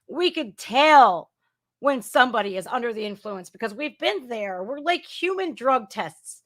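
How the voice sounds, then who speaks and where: A woman hosting a casual news commentary podcast, blunt, crude and sarcastic, swinging between loud outbursts and muttering. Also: a little high, lively intonation, unhurried. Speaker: podcast host.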